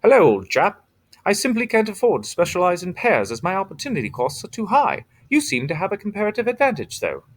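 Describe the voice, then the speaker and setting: A man putting on a posh British gentleman. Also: high-pitched, huge pitch swings, brisk, voice pushed up, heavily acted. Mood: fussy. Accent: put-on British.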